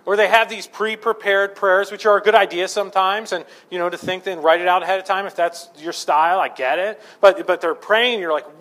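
Conversational pastor preaching with rising fervor. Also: male voice, sits high, steady tone, a little fast, few pauses, a bit bright. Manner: conversational, self-deprecating, building to fervent emphasis. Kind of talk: sermon.

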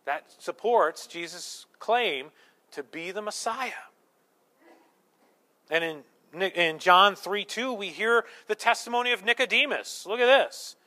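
Bright-voiced male pastor preaching. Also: high-pitched, measured pace. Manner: earnest, teaching through scripture point by point. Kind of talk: sermon.

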